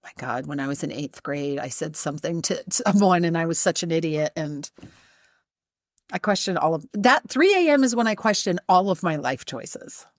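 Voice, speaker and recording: A middle-aged woman co-hosting a podcast, telling a story in a casual, animated way, laughing often and acting out the people in it. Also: low-pitched, moderate pace, dry recording, studio quality. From not from Charleston. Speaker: podcast co-host.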